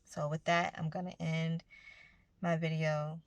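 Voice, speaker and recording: A woman's voice: low-pitched, little pitch movement, measured pace, clean tone, no room sound, highs cut off. A woman giving a casual, earnest motivational talk to her viewers, speaking conversationally about spiritual growth. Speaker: self-help vlogger.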